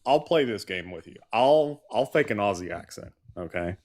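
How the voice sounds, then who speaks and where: A man's voice: lowish voice, lively intonation, normal speed. An American man co-hosting a call-in show, wry and picky about how the caller sounds. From United States. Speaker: co-host. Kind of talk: casual call-in chat.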